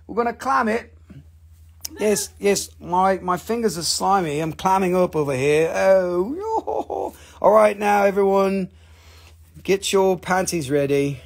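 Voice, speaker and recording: A man hosting a live online mineral sale, teasing buyers with goofy banter and sudden high squeals. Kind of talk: joking live-stream sales banter.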